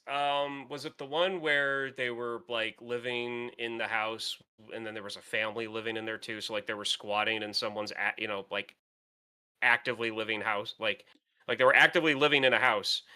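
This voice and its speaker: A middle-aged man co-hosting a podcast in casual chat, halting and searching for his words. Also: mid-range voice, fairly even intonation, pushed and bright, smooth. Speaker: podcast co-host.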